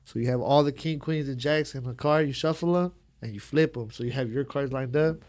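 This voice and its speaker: A man's voice: mid-range voice, a little fast, darkish tone. A man, a podcast guest telling casual stories in slangy, profane talk and acting out other people's lines. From Southern California. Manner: slangy, profane, laughs through his stories. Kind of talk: casual storytelling.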